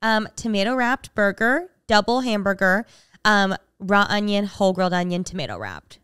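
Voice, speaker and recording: A young woman co-hosts a podcast, telling a story in a relaxed chat and acting out every quote. Her voice is very smooth and clean. The close microphone sounds dry. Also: mid-range voice, moderate pace, no echo. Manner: animated storyteller, acts out quotes. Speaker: podcast co-host.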